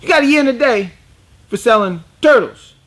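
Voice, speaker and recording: A man putting on a loud, excitable male inmate who pitches his voice high above his own. Every line comes out as an indignant exclamation. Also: fairly quick. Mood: incredulous.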